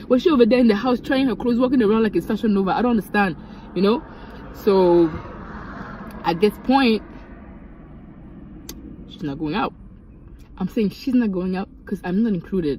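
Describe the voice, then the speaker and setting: A young woman, casually telling a storytime and switching into high, animated quoted voices. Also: normal speed, pauses often, slight background noise, low-quality recording. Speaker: vlogger.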